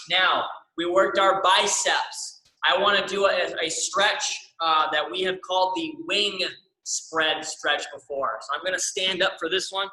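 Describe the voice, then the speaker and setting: A man's voice: sits high, pushed and bright. A young man teaching an exercise class, guiding stretches with countdowns and frequent "all right?" check-ins in a studio room. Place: dance studio room, indoors. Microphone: camera in the room, turning away at times. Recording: echoey room.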